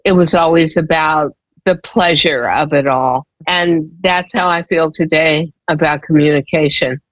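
A woman's voice: low-pitched, steady tone, unhurried, no echo, low-quality recording. A woman sharing personal stories as a guest in a conversation, candid, emotional and emphatic.

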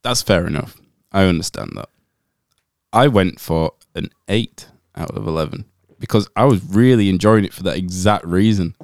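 A man co-hosting a casual song review chat, playful and quick with quips. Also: low-pitched, vocal fry, darkish tone, no echo, studio quality. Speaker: co-host.

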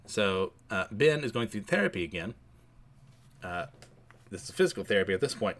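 A man casually recapping a comic book issue, chatty and quick to laugh, with many fillers. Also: on the low side, very animated, a bit bright.

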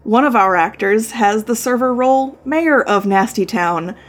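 A woman's voice: fairly high pitch, unhurried. A woman hosting a podcast, reading a chatty, self-deprecating segment. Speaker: podcast host. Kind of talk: scripted podcast narration.

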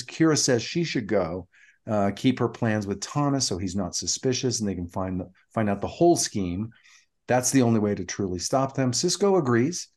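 A middle-aged man co-hosting a podcast, recapping an episode in a relaxed, storytelling way with frequent fillers. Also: on the low side. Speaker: podcast co-host.

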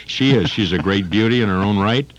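Low-voiced older man rambling on radio comedy. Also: a little fast, highs cut off. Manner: rambling, jumps into characters, frequent ums. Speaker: comedian guest. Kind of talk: improvised comedy on talk radio.

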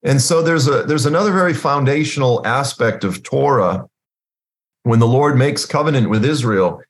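A man's voice: mid-range voice, moderate pace. A man giving a casual sermon built on personal stories, talking in a loose conversational way with many "you know"s and "like"s. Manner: acts out dialogue with animated voices. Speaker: Christian teacher.

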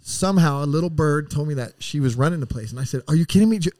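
On the high side and quick, with no echo, a man from the San Diego area guests on a podcast and tells his life story candidly. He's blunt and profane, animatedly voicing the people in his story.

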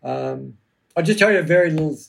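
A man, an author and lawyer, speaking reflectively in an interview with many pauses and ums. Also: fairly high pitch, gravelly. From Canada. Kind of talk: conversational interview.

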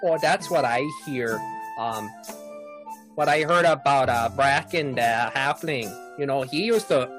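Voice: medium pitch, lively intonation, unhurried, fairly bright tone, soft background music. A game master voicing a male fisherman villager who drawls, rambles and loses his train of thought in a tabletop game. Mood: folksy.

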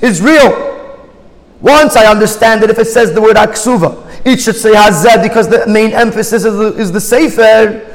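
A man teaching a Torah text study, who reads Hebrew lines aloud and then explains them in English. He repeats and restarts words as he reasons aloud. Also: sits high. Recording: long hall reverb.

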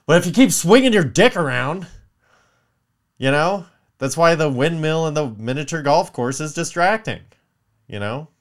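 A man's voice: a little high, lively intonation, a little slow, pauses often. A young man casually telling a rambling, profane story to his viewers, dropping into muttered whispered curses.

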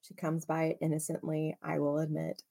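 A woman leading a casual Bible study, reading scripture aloud with expressive emphasis and chatty asides. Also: low-pitched, normal speed, gravelly. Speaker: Bible teacher.

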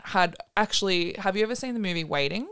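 A woman's voice: medium pitch, expressive, fast talker, fairly bright tone, slight background noise. A woman, co-hosting a podcast in a chatty, giggly, rambling way with lots of fillers. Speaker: podcast co-host. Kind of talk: casual chat.

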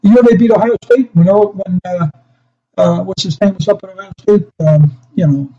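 An older man tells long, rambling stories in a warm, mellow voice that sits a little high. He chuckles and trips over his own starts. The audio is dull and lo-fi. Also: moderate pace. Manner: rambling, chuckling, self-interrupting. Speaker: guest, former special teams coach. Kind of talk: casual storytelling interview.

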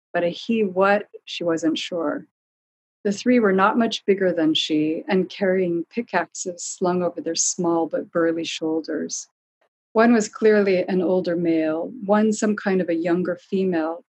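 A woman narrates a storybook in a calm, measured reading voice. Her tone is low and somewhat breathy, with a husky grain. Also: poor audio.

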